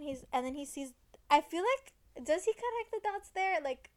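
A woman's voice: very high voice, expressive, normal speed. A woman in casual chat who chimes in and finishes her friend's sentences while retelling a drama. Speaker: co-host recapping a drama.

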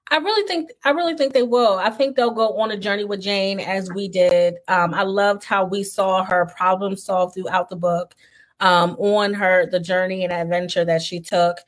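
A woman's voice: mid-range voice, steady tone, normal speed. A woman interview host in an easy chat, eager and full of laughter. Her talk runs loose, with fillers and restarts as she thinks aloud. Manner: enthusiastic, laughs often, chatty with fillers.

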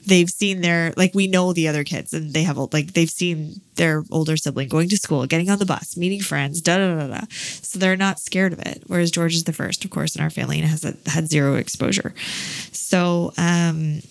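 A woman in her thirties with a lowish voice and a gravelly edge, talking casually. She tells a long personal story about her child, with plenty of fillers along the way. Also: fairly even intonation, moderate pace. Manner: chatty storytelling, many fillers. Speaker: parent. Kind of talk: casual chat.

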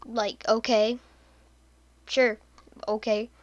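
Woman podcast host, slightly high voice, unhurried sardonic delivery, giggles and quiet mutters, dry close sound. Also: level tone, no echo, highs cut off. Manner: sarcastic, laughs often, drops into soft muttered asides. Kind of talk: casual podcast commentary.

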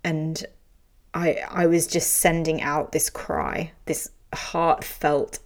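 A woman's voice: deep voice, little pitch movement, slow pace. A young adult woman candidly telling an emotional personal story, speaking frankly and swearing freely.

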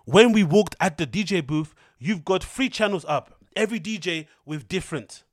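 Man doing a furious foreign club DJ, broken English, put-on accent, slightly high, dry sound. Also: lively intonation, normal speed, no room sound. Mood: indignant. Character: irate foreign male DJ ranting in a tweet.

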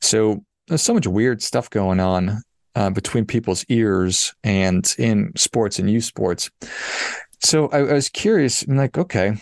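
A middle-aged man with a low, gravelly voice tells a story as a podcast host. He sounds animated and exasperated, with a dry, close sound. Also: slow pace, no room sound. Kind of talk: casual storytelling monologue.

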